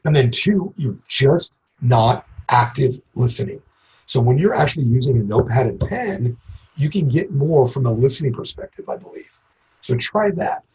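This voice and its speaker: An upbeat man talks through sales advice as a podcast guest, his voice at a plain middle pitch. A faint hiss of noise sits under his voice. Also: expressive, moderate pace, a little mellow, poor audio. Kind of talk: casual interview chat.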